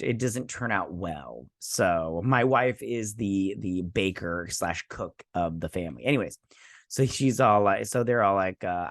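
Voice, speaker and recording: A man's voice: fairly low pitch, a bit bright, no echo. Chatty man recapping, dry close sound. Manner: rambling, chatty retelling with quoted lines. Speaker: host reviewing a TV episode. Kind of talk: casual episode recap.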